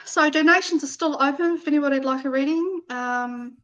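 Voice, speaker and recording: A woman's voice: sits high, a little fast, fairly bright tone, rough recording. A woman giving psychic readings on a live stream in a blunt, casual way, swearing freely. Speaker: psychic reader.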